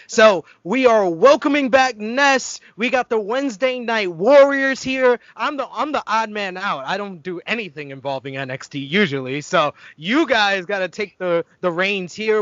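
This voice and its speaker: A man hosting a casual wrestling roundtable, hyping up guests with energetic introductions. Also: sits high, dry recording, dull audio. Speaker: podcast host.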